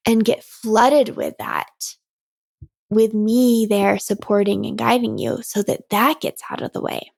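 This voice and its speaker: A woman's voice: mid-range voice, vocal fry, no room sound. A woman hosting her own podcast as a coach, talking earnestly and animatedly about her month, often laughing between thoughts. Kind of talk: reflective solo podcast talk.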